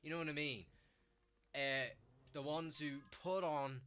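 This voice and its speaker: A man's voice: on the high side, steady tone, a little slow, sharp tone, clear, resonant tone. A Liverpudlian man with a Scouse accent, ranting bluntly and swearing freely as he chats on his stream. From Liverpool, England. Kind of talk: casual ranting commentary.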